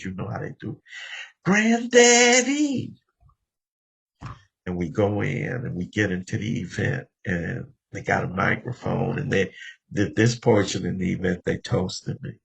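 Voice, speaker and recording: A man's voice: low voice, gravelly, slightly rough. A man in his seventies from Los Angeles, telling his story as the speaker at a recovery meeting and talking straight to the room. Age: 70s. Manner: conversational storytelling, often addressing the room directly. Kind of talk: personal recovery share.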